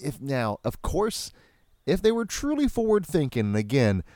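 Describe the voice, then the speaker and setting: A man's voice: medium pitch, sing-song, normal speed, warm tone, dry recording. Wry rambling man in movie chat. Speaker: podcast co-host. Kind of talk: casual movie commentary chat.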